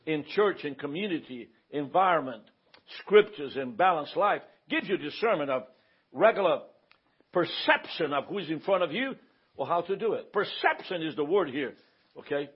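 A man's voice: on the high side, animated, normal speed, husky. A man teaching a Bible class in a conversational way, often checking that the room follows him. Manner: conversational, asks the room for confirmation. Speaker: pastor teaching a church class. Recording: dull lo-fi recording.

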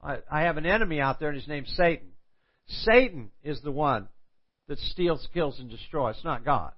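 A man's voice: on the high side, animated, normal speed. An older man preaching, telling a personal testimony in a storytelling way and acting out the people he quotes. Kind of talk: sermon testimony. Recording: dull lo-fi sound.

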